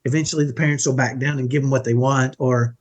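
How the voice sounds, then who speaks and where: A middle-aged man, a parenting coach appearing as a podcast guest, talks fast in a steady, mid-range voice during a conversational interview. He's earnest and emphatic, often checking in with "right?".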